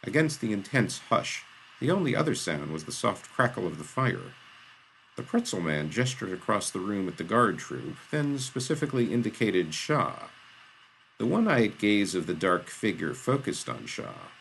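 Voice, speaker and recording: A man narrating a fantasy story in a measured, dramatic reading. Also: on the low side, very animated, gravelly, a bit bright, slight background noise, poor audio. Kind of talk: audiobook narration.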